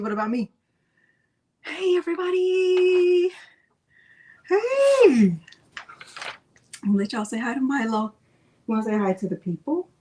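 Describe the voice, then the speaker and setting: High-voiced, chatty craft host. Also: female voice. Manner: chatty, playful, greets viewers by name. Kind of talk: casual livestream chat.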